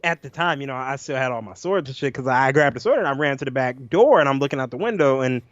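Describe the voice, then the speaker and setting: A man's voice: medium pitch, fast talker, no room sound. Guy telling a dream story, lots of swearing, acts out his lines, muffled dry audio. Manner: animated, profane, acts out his own lines. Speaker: podcast co-host. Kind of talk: casual storytelling chat.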